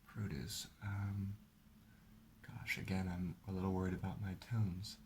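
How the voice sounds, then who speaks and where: Low-voiced man explaining a card game. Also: level tone, measured pace, a little hiss or hum. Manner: explains game rules step by step. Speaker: host. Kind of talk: casual game commentary.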